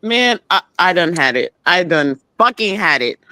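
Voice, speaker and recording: A woman's voice: lowish voice, very animated, moderate pace, bright, forceful tone, no room sound. A woman guest on a talk roundtable, angry and swearing hard as she vents about politics. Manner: angry, profane, emphatic. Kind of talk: heated political rant.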